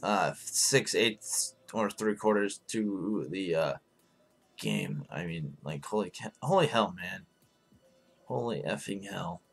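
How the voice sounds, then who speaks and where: A man hosting a live stream in casual chat, hoarse and rambling, swearing freely as he answers his viewers. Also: low-pitched, very animated, takes it slowly, soft background music.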